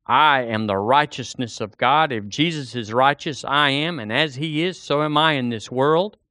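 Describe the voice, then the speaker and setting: A man preaching a sermon in church, animated and acting out a doubter's inner voice. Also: medium pitch, normal speed, no room sound, clean studio sound. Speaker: pastor.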